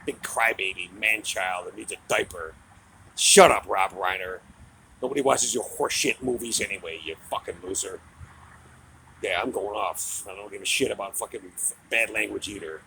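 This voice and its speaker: A man's voice: fairly low pitch, vocal fry, pushed and bright, slight background noise, poor audio. A middle-aged man giving a heated, profane political rant, mocking and angry. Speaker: political commentator.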